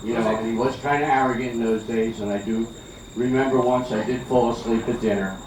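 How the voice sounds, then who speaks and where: A man's voice: medium pitch, steady tone, fairly quick. An older man from Philadelphia doing chatty stand-up comedy at an outdoor backyard party, teasing the crowd. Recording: echoey, distant, noisy outdoor party recording.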